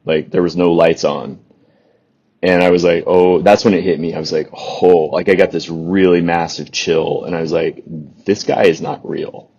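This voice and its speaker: Very deep-voiced man telling a story. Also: normal speed, breathy edge, muffled recording. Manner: rambling, animated anecdote with restarts. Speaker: author and guest. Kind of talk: storytelling in a podcast interview.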